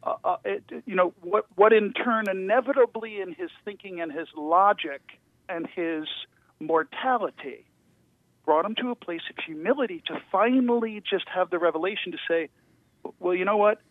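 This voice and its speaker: Guest man on a phone line: higher voice, stammers and restarts, dry and tinny. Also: moderate pace, no echo. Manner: stammering restarts, animated storytelling. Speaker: guest actor. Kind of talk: casual interview chat.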